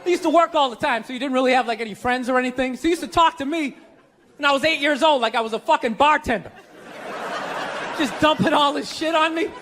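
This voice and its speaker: Loud ranting male stand-up comic. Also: very high-pitched, fast talker. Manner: loud, ranting, acts out voices of others. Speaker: stand-up comedian. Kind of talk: stand-up comedy routine. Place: theater stage before a live audience. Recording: live theater recording with crowd laughter.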